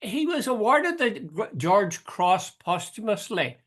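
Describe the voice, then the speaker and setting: A man's voice: high-pitched, big pitch swings, measured pace, a bit bright. An older man, hosting a casual political chat, wry and questioning, thinking aloud with frequent restarts. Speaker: host.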